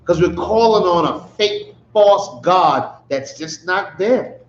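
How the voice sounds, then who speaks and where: A man's voice: sits high, lively intonation, takes it slowly, a little hiss or hum. A man leading a Bible study, explaining verses in a sarcastic, mocking way and asking rhetorical questions. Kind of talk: street-style Bible teaching. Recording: echoey room, dull lo-fi sound.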